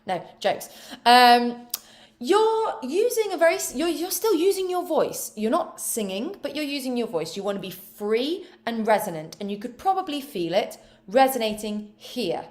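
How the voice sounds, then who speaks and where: A woman leading an online choir warm-up, giving voice exercises with playful, self-mocking asides. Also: fairly high pitch, very animated, normal speed. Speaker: choir vocal coach. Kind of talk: online vocal warm-up instruction.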